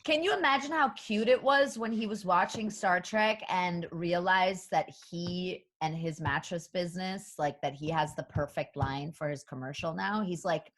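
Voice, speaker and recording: A woman's voice: on the low side, normal speed, hardly any pauses, a bit bright. A woman guesting on a comedy podcast who chats playfully and laughs often. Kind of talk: casual comedic chat.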